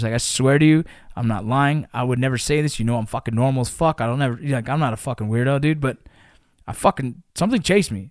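A man telling a story in casual podcast chat, animated and profane, who bursts into shouts at the exciting moments. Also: medium pitch, no room sound, clean studio sound. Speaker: podcast host.

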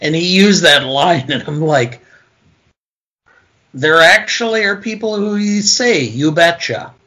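A man's voice: high-pitched, a little slow, sharp tone, rough recording. An older man from Wisconsin, co-hosting a casual film podcast and telling folksy anecdotes, often saying "you know.". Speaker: podcast co-host.

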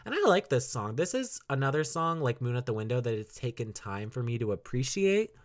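A man's voice: mid-range voice, big pitch swings, brisk. Chatty young man rambling about songs. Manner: chatty and rambling, laughs often, sings snippets of lyrics. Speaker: podcast host reviewing albums. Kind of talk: casual solo podcast review.

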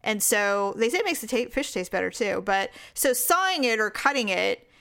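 A woman chatting casually as a podcast co-host, animated, acting out what people said. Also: on the high side, normal speed, creaky. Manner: animated storytelling, acts out quotes. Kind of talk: casual chat.

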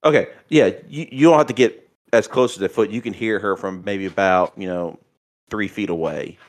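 A man acting as game master, narrating a tabletop horror game with halting, searching descriptions. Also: lowish voice.

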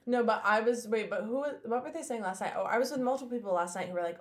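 A woman co-hosting a podcast in casual chat, giggly and playful, talking in quick bursts. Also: fairly high pitch. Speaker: podcast co-host.

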